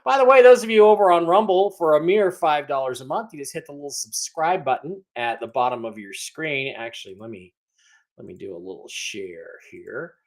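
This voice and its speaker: A man's voice: a little high, fairly quick. A man hosting a casual livestream, greeting viewers by name and rambling with many restarts and mock-hurt teasing. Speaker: livestream host.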